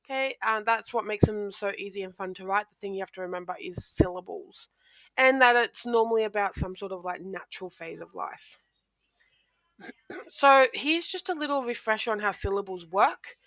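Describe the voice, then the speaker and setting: Woman teacher doing a poetry lesson, brightish higher voice, lots of ums, dry close mic. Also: normal speed, dry recording. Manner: explanatory, with many ums and restarts. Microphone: close microphone.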